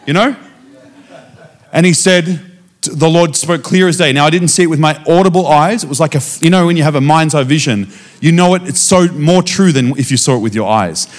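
A man preaching as a guest speaker, telling a personal testimony in a lively storytelling way and acting out the dialogue. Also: a little high, fairly quick. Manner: animated storytelling, acting out dialogue with frequent restarts.

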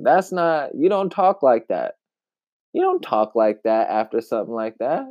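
A man giving casual commentary in an emphatic, wry way, with long pauses, on a dull, dry lo-fi recording. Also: mid-range voice, sing-song, no room sound. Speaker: commentary vlogger.

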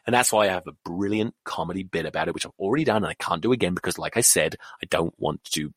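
A middle-aged man from England, his accent drifted toward American, hosts a solo podcast, rambling, swearing, and mocking himself while feeling nauseous and queasy. His voice is low, fast, a bit bright, and breathy-edged, recorded without echo.

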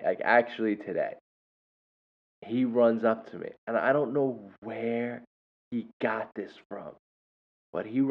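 A young man casually telling a funny story about a first grader, laughing often and breaking into loud impressions. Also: fairly low pitch. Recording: dull lo-fi sound.

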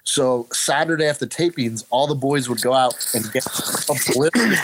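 A man's voice: medium pitch, no echo, rough recording. A man who is a former wrestler, co-hosting a casual podcast and rambling through his memories with lots of "like". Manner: rambling, filler-heavy. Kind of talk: casual chat.

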